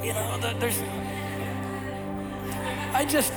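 Older male preacher, high voice, animated storyteller, sermon delivery. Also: slow, over loud music. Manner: animated storyteller who acts out scenes. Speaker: pastor.

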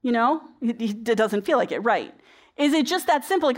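Woman preacher, fairly high voice, chatty sermon delivery with rhetorical questions. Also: animated, a little fast. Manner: conversational storytelling with rhetorical questions.

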